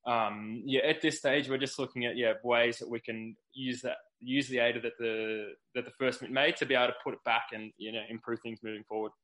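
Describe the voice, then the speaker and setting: A man appearing as a podcast guest, talking hesitantly with many pauses and fillers. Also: mid-range voice, steady tone, fairly bright tone, low-quality recording. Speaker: project team member guest. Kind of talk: casual interview chat.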